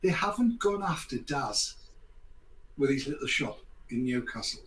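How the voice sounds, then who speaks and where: A man's voice: medium pitch, very animated, measured pace, a bit bright. An older man hosting a casual chat, rambling and sarcastic, with mock apologies. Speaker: host. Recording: echoey room, faint background noise.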